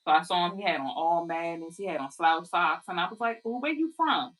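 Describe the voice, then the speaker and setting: A young woman with a Washington D.C. accent, chatting loudly, swearing and laughing as she acts out quotes. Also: fairly low pitch, steady tone, fairly quick. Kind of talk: casual chat.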